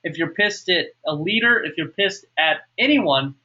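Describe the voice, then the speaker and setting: Guy fitness coach on a webinar, bright forceful voice, kinda high, muffled lo-fi sound. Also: expressive, moderate pace. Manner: upbeat, repeats okay and asks for questions.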